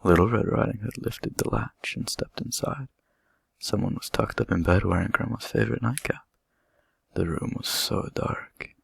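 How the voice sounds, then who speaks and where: Male storyteller, bedtime story read-aloud; low, gravelly, husky delivery, gentle and expressive. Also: normal speed, dry recording.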